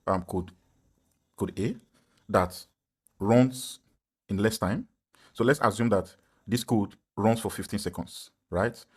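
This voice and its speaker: A man's voice: lowish voice, breathy edge. A man teaching a programming lesson, explaining step by step and often checking in with "right?". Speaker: programming instructor. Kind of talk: tutorial lecture.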